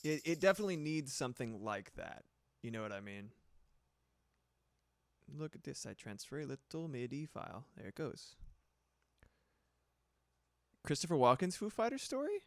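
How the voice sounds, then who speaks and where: A man at mid pitch chatting loosely as he works on music for a stream. He rambles, swears casually and laughs often, and the sound is dry with no room echo. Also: very animated, moderate pace, long pauses. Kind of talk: casual livestream chat while producing.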